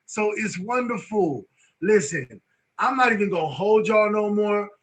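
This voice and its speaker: A man hosting a live show, excitable and emotional, repeating words and filler phrases as he talks. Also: high voice, a little slow, rough recording. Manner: excitable, emotional, repeats words and "you know what I'm saying". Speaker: host.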